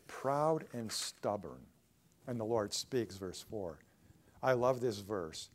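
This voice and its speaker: A man preaching a sermon to a congregation, acting out quoted pleas in a raised voice and dropping to a hush for quieter passages. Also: medium pitch, lively intonation, a little slow. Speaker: pastor.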